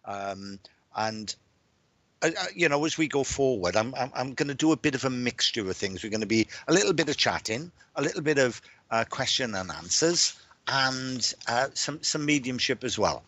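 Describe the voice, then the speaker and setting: A man's voice: mid-range voice, expressive, moderate pace, pushed and bright, no echo. A man from Wales, a medium hosting a livestream, chatting casually and greeting viewers by name, often repeating words and restarting his sentences.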